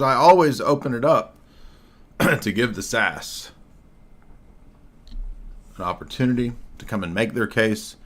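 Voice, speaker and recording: A man hosting his own livestream in a combative solo monologue, his pitch sitting at an ordinary middle height for a man. His tone is sarcastic and argumentative, and he keeps breaking off to clear his throat. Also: pushed and bright. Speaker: livestream host.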